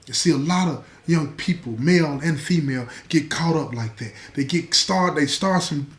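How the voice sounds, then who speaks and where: A man tells a dramatic life story in a fairly high voice, talking straight to his listener with conversational asides. The room around him gives an echoey ring, and he keeps a plain, unhurried delivery. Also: a bit bright.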